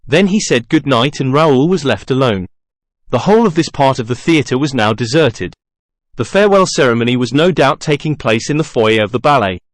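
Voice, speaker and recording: A man's voice: mid-range voice, animated, moderate pace, no echo, clean studio sound. Man reading a classic novel aloud. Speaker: audiobook narrator. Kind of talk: scripted narration.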